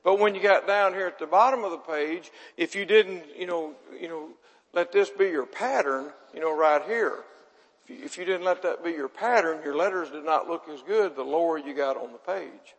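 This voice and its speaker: A man with a drawl delivers a homespun sermon in a high voice. He is chatty and self-deprecating and keeps checking in with the congregation. His voice carries a long, lingering reverb from a large hall. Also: moderate pace, slightly rough. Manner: chatty, asks the audience questions, self-deprecating. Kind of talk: folksy sermon with audience banter.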